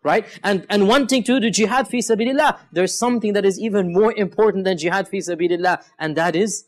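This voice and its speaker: A man preaching a Ramadan sermon, retelling hadith stories with animated emphasis, drawing out key phrases and dropping in quick Arabic quotes. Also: high-pitched. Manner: switches between quick Arabic quotes and drawn-out emphatic English; many fillers and restarts, animated storytelling.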